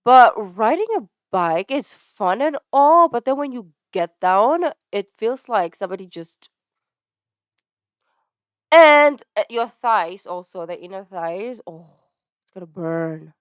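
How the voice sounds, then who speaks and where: Chatty woman with a smooth, dry voice. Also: mid-range voice, takes it slowly, no echo. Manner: chatty and rambling, full of "like" and "right?"; lively, searches for words mid-sentence. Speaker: reaction video creator. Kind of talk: casual chat to viewers.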